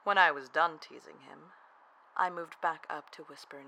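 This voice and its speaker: A narrator telling a first-person erotic audio story in a soft, half-whispered, breathy delivery. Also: medium pitch, steady tone, moderate pace, a little hiss or hum, low-quality recording.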